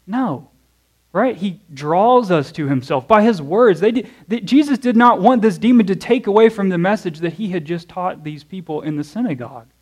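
High-voiced preacher checking in with the room. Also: male voice, lively intonation, normal speed, darkish tone. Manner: conversational, checks in with "okay?" and "right?"; asks questions to the audience and answers them. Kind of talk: expository sermon. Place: church.

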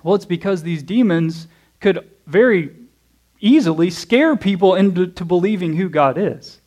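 Guy preaching a sermon, fairly high voice, keeps saying okay? right?, chatty. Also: lively intonation, normal speed, a little mellow. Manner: conversational, checks in with "okay?" and "right?"; asks questions to the audience and answers them. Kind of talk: expository sermon. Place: church.

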